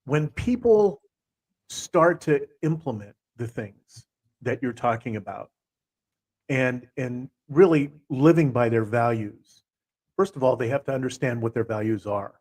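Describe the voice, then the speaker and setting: A man's voice: medium pitch, animated, unhurried, a little mellow. Effusive male host with rambling questions. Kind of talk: live interview.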